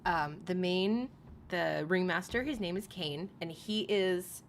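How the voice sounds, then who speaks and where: A woman hosting a livestream, chatting casually and haltingly about a cartoon she plays. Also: lowish voice, a little hiss or hum. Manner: chatty, hesitant with fillers. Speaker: livestream host. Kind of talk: casual commentary over a clip.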